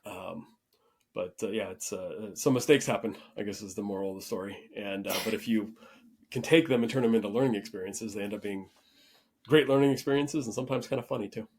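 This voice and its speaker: A man hosting a podcast, telling a story in a relaxed, rambling way with frequent restarts. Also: lowish voice, fairly quick. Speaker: podcast host. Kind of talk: casual conversational storytelling.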